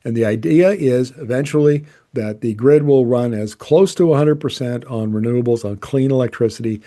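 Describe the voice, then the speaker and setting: Guy journalist talking gas demand numbers, mellow, kinda dark voice, casual and opinionated, lots of restarts. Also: medium pitch, normal speed. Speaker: energy journalist. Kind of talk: explanatory commentary.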